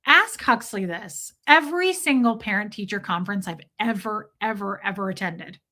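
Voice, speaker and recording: A woman's voice: mid-range voice, moderate pace, pushed and bright. A middle-aged woman hosting a casual livestream, chatting in a rambling way, filling her talk with "like" and greeting commenters by name mid-story. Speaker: livestream host.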